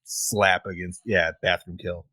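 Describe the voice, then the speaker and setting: A man co-hosting a casual podcast, talking crude and animated, laughing often. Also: low-pitched, a little slow, no room sound. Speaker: podcast co-host. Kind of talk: casual horror movie chat.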